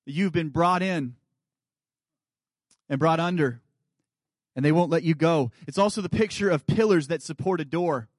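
Male guest preacher, 30s, earnest sermon delivery, a bit high in pitch, dry close-miked sound. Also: normal speed, long pauses, dry recording. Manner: earnest preaching, dropping to soft quiet asides. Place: church sanctuary.

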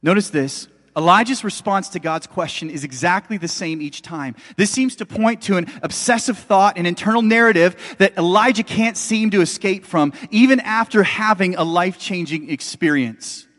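A man's voice: high-pitched, moderate pace, hardly any pauses, fairly bright tone. A middle-aged man preaching a sermon as a pastor, in a conversational, emphatic way that speaks straight to the listeners. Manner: conversational, emphatic, addresses audience directly. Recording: long hall reverb.

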